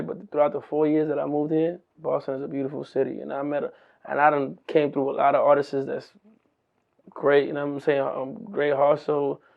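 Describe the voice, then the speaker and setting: A man's voice: fairly high pitch, creaky, narrow, tinny audio. A man from New York, a rapper, giving blunt streetwise advice full of slang.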